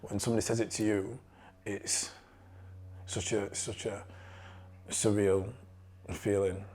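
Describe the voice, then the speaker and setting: Candid Yorkshire man, lowish voice. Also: little pitch movement, darkish tone. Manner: candid, swears freely, halting restarts. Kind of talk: casual personal story.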